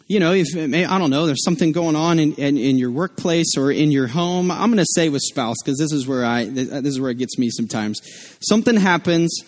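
A male pastor delivers a sermon in an earnest, conversational way, moving easily between scripture and personal stories. His voice sits a little higher than most men's.

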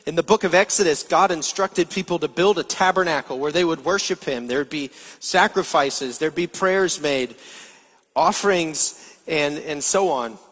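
A man's voice: fairly high pitch, normal speed, a bit bright. A man giving a sermon as pastor, explaining scripture and asking his listeners rhetorical questions. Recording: long hall reverb.

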